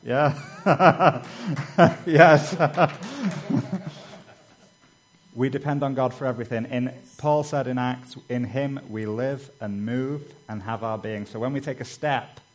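Male preacher, mid-pitched, chatty sermon delivery with lively storytelling. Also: normal speed, rough recording. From Britain. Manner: conversational, frequent "you know" asides; acts out quoted dialogue with raised voice.

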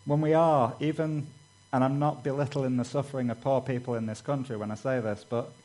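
Male preacher, mid-pitched, chatty sermon delivery with lively storytelling. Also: a little fast, low-quality recording. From Britain. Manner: conversational, frequent "you know" asides; acts out quoted dialogue with raised voice.

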